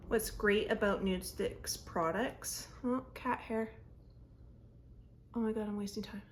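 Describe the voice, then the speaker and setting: Speaking in a fairly high voice, a young beauty vlogger chats through a casual makeup tutorial by a mirror at home. She rambles and keeps cutting herself off. The phone-camera recording has a little hiss or hum.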